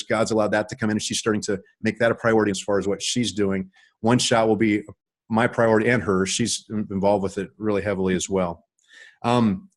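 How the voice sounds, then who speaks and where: A middle-aged man telling a personal story in a casual, rambling way, with many restarts and animated stretches. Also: fairly low pitch. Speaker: author and guest on a call.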